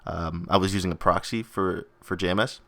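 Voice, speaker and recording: A man's voice: low voice, steady tone, fairly quick, vocal fry, pushed and bright, dry recording. A young man hosting a gaming video in casual, rambling vlog chat, self-mocking and often laughing.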